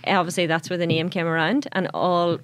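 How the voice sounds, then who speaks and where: A woman's voice: lowish voice, flat delivery, brisk, heavy background noise. A young woman with an Irish accent, chatting as a podcast guest and telling a story in a self-deprecating, chatty way. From Ireland. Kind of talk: casual chat. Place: podcast studio. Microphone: studio microphone.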